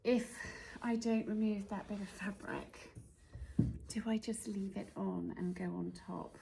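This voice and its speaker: Working in a cluttered workshop, a woman who vlogs DIY projects chats casually through a how-to, thinking out loud and muttering to herself. She speaks unhurriedly in a steady, mid-range voice with vocal fry, over a noisy background.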